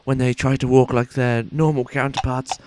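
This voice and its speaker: A man playing a pompous, excitable sports announcer in mock commentary over a video game, with formal announcer phrasing, recorded on a noisy home mic. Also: very high-pitched, fast, pitched above the performer's own voice, exaggerated voice. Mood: hushed commentary. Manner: formal announcer phrasing, shouts at near misses.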